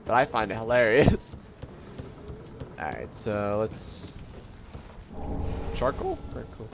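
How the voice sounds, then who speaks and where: Animated man joking through a game. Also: on the low side, slow, gravelly, muffled recording, background noise. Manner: jokey, talks to game enemies in silly voices. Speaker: gameplay commentator. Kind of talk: let's play commentary.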